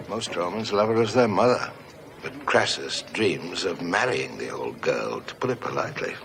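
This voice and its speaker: An actor playing a wily, worldly old Roman senator who talks in a slow, sly, wry drawl. The voice comes from a noisy old film soundtrack. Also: male voice, sits low, big pitch swings, vocal fry, exaggerated voice.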